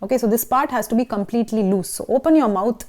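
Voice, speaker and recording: Bright-voiced Indian woman voice teacher. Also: on the high side, quick pace. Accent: Indian English. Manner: instructive, checks in with listeners often. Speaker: vocal teacher. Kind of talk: online singing lesson.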